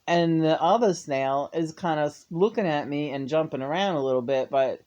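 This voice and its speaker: A woman talking in a loose, casual vlogger monologue. She gets excitable fast, peppering her talk with swearing and bursts of laughter. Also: low voice, highs cut off.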